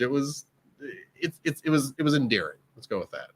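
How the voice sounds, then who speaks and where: Man, co-host, casual chat, rambling, restarts a lot, middling pitch. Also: very animated, brisk. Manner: rambling, many restarts and asides. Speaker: podcast co-host.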